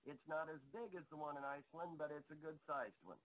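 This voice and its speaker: A hoarse man on a talk show, speaking bluntly and emphatically, swearing, repeating himself and pressing his points. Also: on the high side, steady tone, brisk, a bit bright, rough recording. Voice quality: coughing. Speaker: guest. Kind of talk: internet radio talk.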